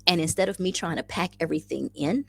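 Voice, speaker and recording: A woman's voice: lowish voice, fast, creaky, fairly bright tone, slightly rough. A woman hosting a casual livestream, effusively greeting viewers by name and chatting through the comments, often repeating her phrases. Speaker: livestream host.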